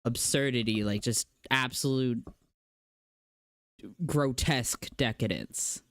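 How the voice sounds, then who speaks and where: A woman co-hosting a podcast, talking in an animated, casual way, swearing freely and filling her speech with "like". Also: extremely low pitch, slow, dry recording, clean studio sound. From United States. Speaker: podcast co-host. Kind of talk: casual chat.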